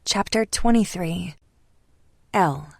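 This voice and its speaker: A woman reading a first-person romance audiobook, hushed and slipping into whispers at tense moments. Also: lowish voice, slow pace, creaky, no echo, studio quality. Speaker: audiobook narrator.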